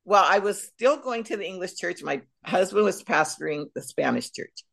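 A middle-aged woman shares her faith testimony as a podcast guest, telling it with lively storytelling energy. Her voice sits low and has a gravelly fry running through it. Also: normal speed. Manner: animated storyteller. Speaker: guest speaker.

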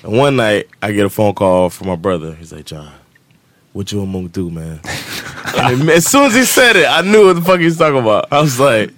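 A man's voice: medium pitch, very animated, fairly quick, fairly bright tone, dry recording. A man, telling a story on a casual podcast, laughing often and acting out the voices of the people in it. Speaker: podcast co-host.

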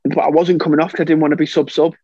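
A young man with a fairly high voice recounts his playing days in relaxed podcast chat. He laughs easily and acts out quoted lines. The sound is dry and a little dull. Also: racing, no room sound. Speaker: former footballer guest.

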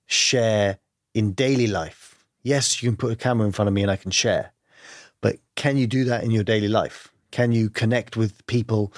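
Low-voiced man talking earnestly in a dry room. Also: no room sound. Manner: reflective, earnest, laughs often. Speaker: guest. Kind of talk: candid interview talk.

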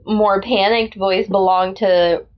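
A woman co-hosting a casual book discussion podcast, chatty and animated, quick to agree with her guest. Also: medium pitch. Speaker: podcast co-host. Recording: lo-fi dull audio.

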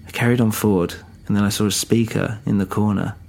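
A man telling a first-person horror story in a plain, steady way, with hesitant stammers. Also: on the low side, fast, creaky.

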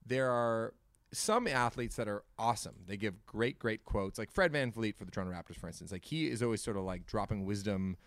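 A man's voice: lowish voice, animated, fairly quick, no echo, studio quality. Rambling man hosting a chat. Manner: rambling, many fillers and restarts. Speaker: podcast host. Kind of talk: casual chat.

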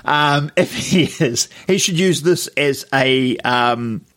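A man's voice: mid-range voice, slow pace. Man telling a story on a podcast. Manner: animated storyteller who acts out the people he quotes; laughs often while telling stories. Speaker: podcast co-host. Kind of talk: casual chat.

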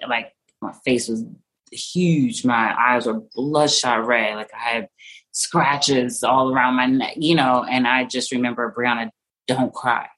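Very low-voiced young woman, halting. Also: fairly even intonation, a bit bright, poor audio. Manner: halting, full of fillers and restarts. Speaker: interview guest. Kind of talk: personal testimony in conversation.

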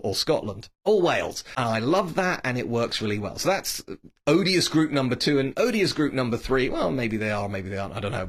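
Blunt, opinionated man with lively pitch. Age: adult, grew up reading Tolkien. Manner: blunt, opinionated, dismissive asides. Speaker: TV series commentator. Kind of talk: casual opinionated monologue.

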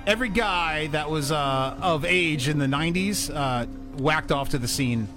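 A man hosting a podcast in crude casual comedy chat, joking loudly and laughing often. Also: fairly high pitch, moderate pace, over music. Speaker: podcast host.

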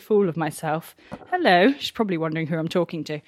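A young woman chatting casually in a farm vlog, nervous and quick to laugh, talking from a tractor cab. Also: deep voice, animated, no echo, clean studio sound. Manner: chatty, nervous, laughs often, exclaims a lot. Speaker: farm vlogger. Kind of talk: casual vlog talk to camera.

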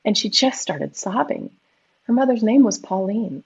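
A middle-aged woman from the United States telling a personal story in a lively, animated way in casual conversation. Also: mid-range voice, moderate pace, creaky, breathy edge. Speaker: guest medium and Reiki practitioner. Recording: slightly dull lo-fi audio.

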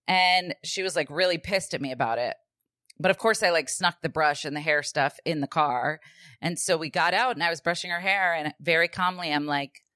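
A woman's voice: deep voice, normal speed, dry recording, clean studio sound. A woman co-hosting a podcast who tells a story in casual chat and acts out the people she quotes. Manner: animated, acts out quoted dialogue, swears casually. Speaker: podcast co-host.

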